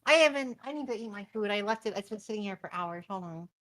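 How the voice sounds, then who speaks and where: A woman's voice: medium pitch, expressive, fast talker, low-quality recording. A young woman streaming a co-op horror game, swearing and laughing often. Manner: loud, swearing, laughing a lot. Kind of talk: casual let's-play chat.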